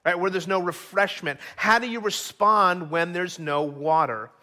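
A man's voice: high-pitched, a little slow, sharp tone. A middle-aged man preaching a sermon as pastor, earnest and acting out quoted voices.

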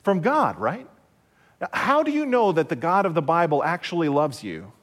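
A male pastor delivers a broadcast sermon in a high, clear voice. He speaks deliberately, repeats his key phrases, and poses rhetorical questions. A long hall reverb trails his words. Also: big pitch swings, fairly bright tone.

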